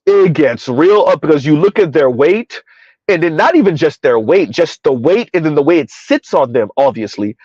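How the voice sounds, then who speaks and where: A man's voice: fairly high pitch, expressive, moderate pace, a little mellow, breathy edge, dry recording, lo-fi sound. A man doing casual, rambling commentary on a live stream, reading out chat messages as he goes. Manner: rambling, conversational, reads chat aloud.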